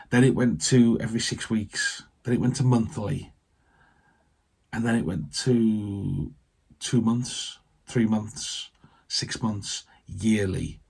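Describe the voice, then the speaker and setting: British vicar giving a heartfelt, gravelly testimony. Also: male voice, medium pitch. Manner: heartfelt, halting, often trailing off softly. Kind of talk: personal faith testimony monologue.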